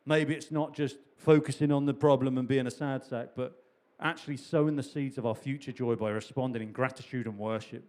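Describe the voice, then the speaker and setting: Chatty pastor preaching. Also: male voice, medium pitch, steady tone, fairly quick, a little mellow. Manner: chatty, humorous preaching with repeated key phrases. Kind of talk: sermon.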